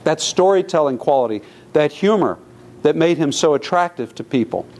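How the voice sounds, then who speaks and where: A man speaks to a live audience in a room. His voice sits on the higher side, and he talks in an animated, storytelling way, often putting questions to his listeners. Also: moderate pace, slight background noise. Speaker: lecturer. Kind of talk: public talk to a live audience.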